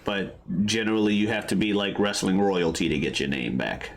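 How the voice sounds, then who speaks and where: A man's voice: fairly low pitch, animated, normal speed. A young man co-hosting a casual wrestling podcast, jokey and profane. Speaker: podcast co-host. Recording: faint background noise.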